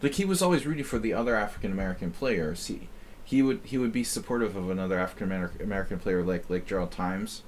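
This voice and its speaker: Low-voiced man rambling casually. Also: lively intonation, slight background noise. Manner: rambling, halting with many fillers and restarts. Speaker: chess streamer hosting a simul. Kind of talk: casual chat while playing.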